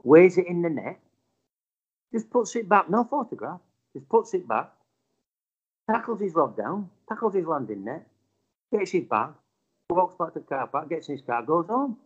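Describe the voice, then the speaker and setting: A man in his fifties from Bradford, England, with a West Yorkshire accent tells a casual anecdote in a husky, rather high voice at normal speed with long pauses. He animatedly acts out voices and swears a bit, and the recording sounds dull and lo-fi.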